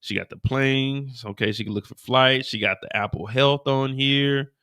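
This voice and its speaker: A man hosting a live after-show, recapping a TV episode with animated, profane storytelling. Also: medium pitch, moderate pace, smooth. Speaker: host.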